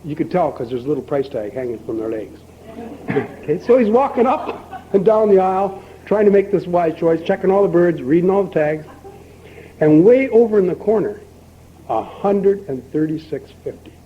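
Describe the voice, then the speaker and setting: An older man speaking at a recovery meeting, telling a long folksy joke and acting out both characters with lively emphasis. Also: high-pitched, moderate pace. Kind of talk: storytelling talk at a recovery meeting. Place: meeting hall. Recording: dull lo-fi archival tape with faint hiss.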